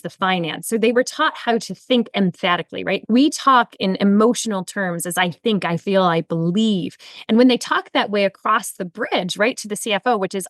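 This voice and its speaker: A woman's voice: medium pitch, fairly bright tone, no room sound, clean studio sound. A woman guest, a nurse entrepreneur, telling stories animatedly and acting out quoted dialogue. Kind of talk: storytelling in interview.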